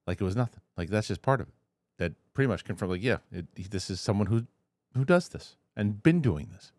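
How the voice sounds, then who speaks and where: A man's voice: fairly low pitch, very animated, brisk, no echo, studio quality. A man hosting a show, giving loose, chatty commentary with frequent restarts. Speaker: host. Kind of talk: casual commentary.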